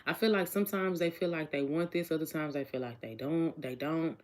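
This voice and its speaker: A woman's voice: low voice, brisk, darkish tone, a little hiss or hum. A woman giving a casual tarot reading, chatty and repetitive, asking each question aloud and talking straight to her viewers. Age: adult with a child. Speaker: tarot reader.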